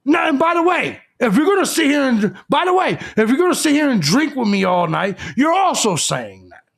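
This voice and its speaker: High, gravelly-voiced man ranting crudely. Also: very animated, a little fast, fairly bright tone. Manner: crude, combative, lecturing the audience. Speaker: live show host. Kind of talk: live-stream rant.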